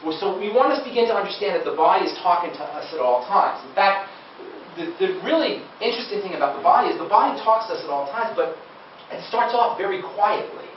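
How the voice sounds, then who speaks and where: A man's voice: high-pitched, expressive, fast talker, a little hiss or hum. A man giving a live seminar talk to an audience, chatty and asking the listeners questions. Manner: conversational, quizzes the audience. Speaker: nutrition speaker. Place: lecture room with a live audience. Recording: dull, echoey room from far off.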